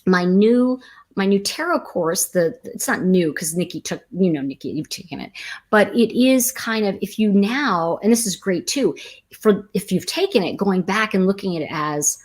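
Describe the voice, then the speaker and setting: During a casual livestream, a tarot teacher tells lively stories that wander off on tangents and responds to comments from viewers. Her voice is mid-range and her pace moderate.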